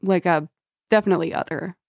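A woman's voice: on the low side, fairly even intonation, fast, a little mellow, dry recording. A woman chatting casually about a book in a wry, sarcastic way, often mock-quoting the characters.

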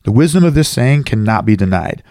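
A man's voice: fairly low pitch, lively intonation, fairly quick, mellow, no echo, studio quality. A man in his thirties hosting his own recovery podcast, explaining things earnestly and dropping in self-deprecating asides. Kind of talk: solo podcast monologue.

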